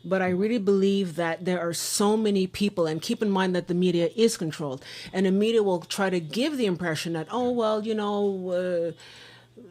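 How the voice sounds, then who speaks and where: A woman's voice: on the low side, fairly quick, hardly any pauses, darkish tone. Earnest rambling woman podcast host. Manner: rambling, repeats words, earnest. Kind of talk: emotional casual discussion.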